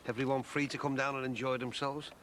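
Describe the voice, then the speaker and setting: A man's voice: mid-range voice, flat delivery, fast talker, a bit bright, a little hiss or hum, close to an everyday voice. An actor playing a matey, jovial middle-aged man. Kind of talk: soap opera acting.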